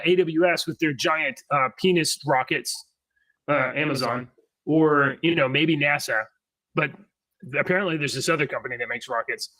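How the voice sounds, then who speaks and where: A man's voice: a little high, a bit bright, dry recording, recorded from a distance. Easygoing man reading news, set back. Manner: easygoing, clears throat often. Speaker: podcast co-host. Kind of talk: casual chat, reading news aloud.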